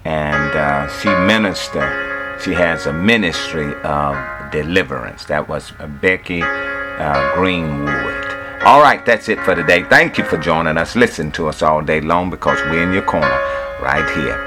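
A man hosts a radio show with a very deep voice. He talks slowly, pausing and stumbling over fillers as he signs off. Loud guitar music plays behind him. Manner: slow, halting, with many fillers. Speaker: radio host. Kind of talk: radio sign-off.

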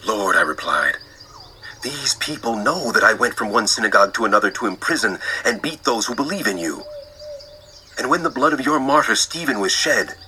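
An actor playing the apostle Paul, an earnest middle-aged man, telling his story in a measured, solemn way in a dramatized scripture reading. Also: mid-range voice, bright, forceful tone, slight background noise, low-quality recording.

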